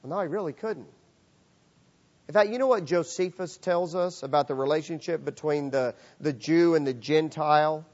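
A man preaching a sermon to a congregation, lively and acting out the voices of the people in his story. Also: sits high, dull audio. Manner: animated, acts out voices of characters. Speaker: pastor. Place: church.

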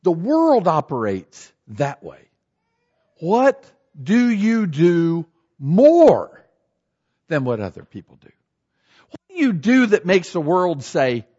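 A man preaching a sermon as a pastor, animated and acting out everyday scenes in shifting voices. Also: fairly high pitch, slow pace, breathy edge, highs cut off.

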